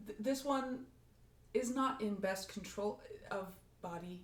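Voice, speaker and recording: A woman voicing a naive, newly embodied robotic creature in a tabletop game, speaking quietly in broken grammar. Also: medium pitch, unhurried, echoey room, natural voice. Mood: curious.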